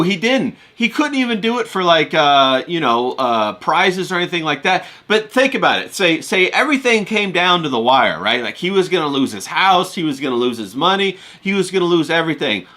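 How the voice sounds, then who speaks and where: Lively, emphatic man. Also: on the high side, normal speed, few pauses. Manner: emphatic, repeats points. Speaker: stream host. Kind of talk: casual stream chat.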